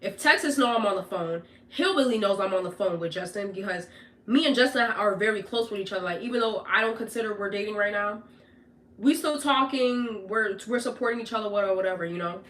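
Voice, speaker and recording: A young woman casually telling a personal story to her viewers, animated, swearing often and tagging lines with "whatever" and "right?". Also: mid-range voice, fairly quick.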